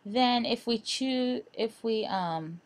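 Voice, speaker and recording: A woman giving a screen-recorded design lesson, talking in a halting way with many fillers and restarts. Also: fairly high pitch. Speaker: instructor.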